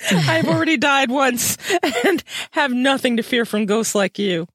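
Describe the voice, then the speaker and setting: A podcast host reading aloud and voicing a frightened, starving female vampire prisoner in a high, pleading voice. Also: animated, measured pace, a bit bright, no room sound, clean studio sound, full character voice.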